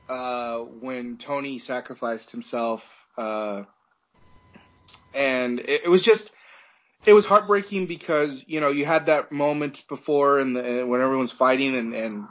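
A man's voice: mid-range voice, fairly bright tone. A man on a podcast co-hosting a casual chat, talking emotionally and rambling with many restarts. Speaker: podcast co-host. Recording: dull lo-fi sound.

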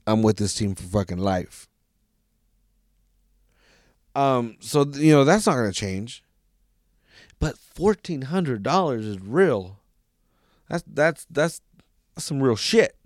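Profane rambling man, smooth dry voice. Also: mid-range voice, no echo. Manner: profane, rambling, animated, with many restarts. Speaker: soccer fan podcaster. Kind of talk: casual solo rant.

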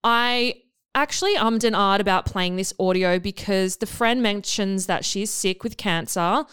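A woman's voice: mid-range voice, unhurried, fairly bright tone, smooth, no room sound, clean studio sound. A woman hosting a podcast, talking casually with sarcastic, self-mocking asides. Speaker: podcast host.

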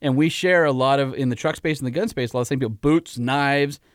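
A man's voice: medium pitch, fast, dry recording, clean studio sound. A man co-hosting a podcast in casual chat, enthusiastic and rambling with many fillers. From California. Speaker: podcast co-host.

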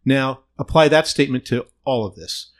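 A man hosts a casual chat show with an easy, mid-pitched voice. He tells stories with energy and acts out quoted lines. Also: normal speed. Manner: animated anecdotes with quoted voices. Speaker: podcast host.

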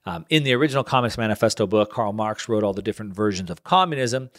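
Male host, middle-aged, casual solo talk, rambling and animated. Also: fast talker. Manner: rambling, off-the-cuff, animated pitch jumps. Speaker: show host.

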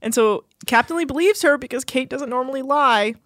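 A woman's voice: sits high, fairly quick, a bit bright, dry recording, studio quality. A woman co-hosting a casual podcast, recapping gossip in a giggly, profane way. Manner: giggly, profane, slips into mocking impressions. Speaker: podcast co-host.

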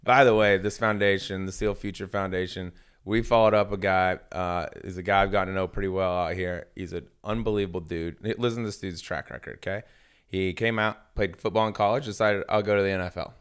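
Fast-talking man, casual golf chat. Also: low-pitched, clear, resonant tone. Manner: animated, swearing, jokey storytelling. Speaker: podcast co-host.

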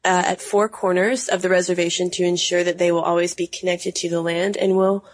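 A woman's voice: lowish voice, little pitch movement, brisk, dry recording. A woman co-hosting a podcast in casual chat, wry and questioning, laughing often. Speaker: podcast co-host.

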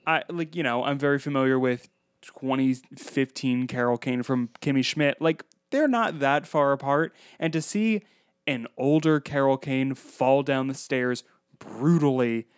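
A man's voice: mid-range voice, measured pace, smooth, no echo, studio quality. A man co-hosting a podcast, chatting casually about a movie and slipping into playful impressions of film lines. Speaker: podcast co-host. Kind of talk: casual movie-review chat.

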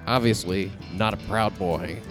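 A man hosting a comedic podcast chat, reading odd news with deadpan quips and asides. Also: low-pitched, a little slow, music in the background. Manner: jokey, deadpan quips with lively intonation. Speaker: podcast host.

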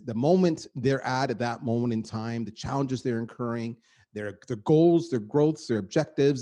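A middle-aged man, a guest on a podcast, talking in an energetic and emphatic way and repeating words for effect. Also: medium pitch. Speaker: guest, marketing executive. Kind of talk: animated podcast conversation.

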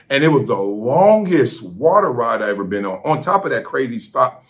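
A middle-aged man hosting a casual vlog, telling a story from his hotel room on vacation. He talks in an animated way, laughing and acting out the voices of the people he quotes. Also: medium pitch, normal speed. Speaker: host.

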